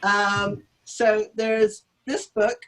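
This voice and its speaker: A woman's voice: mid-range voice, little pitch movement, very slow, a loud crowd, poor audio. A woman, a linguist, chatting as an interview guest over a video call, talkative and self-deprecating with frequent ums. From United States. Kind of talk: conversational interview.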